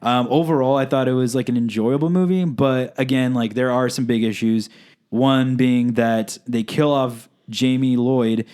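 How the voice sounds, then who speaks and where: Young male podcast co-host, loose rambling delivery, mid pitch. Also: steady tone, normal speed, darkish tone, smooth. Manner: rambling, lots of "like" fillers. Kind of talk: casual chat.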